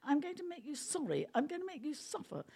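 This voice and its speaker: A woman's voice: sits high, sing-song, quick pace, creaky, mellow, voice pushed up, exaggerated voice. A woman voicing a teasing, vengeful young woman in a read-aloud story.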